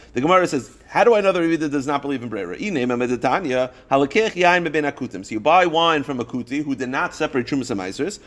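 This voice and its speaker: An animated man teaches a Talmud lesson, his voice swinging widely up and down as he acts out each case. It sits a little high for a man. He keeps posing questions and answering them himself, dropping in a sound. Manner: animated, acts out cases in first person, asks and answers his own questions. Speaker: rabbi teaching a Talmud class. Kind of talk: Talmud lecture.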